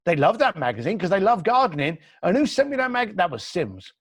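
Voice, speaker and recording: Casting man guest, animated, blunt storyteller, raised pitch, swinging intonation, dry close sound. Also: brisk, slightly rough, dry recording. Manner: blunt, energetic, acts out quoted dialogue. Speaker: entrepreneur guest.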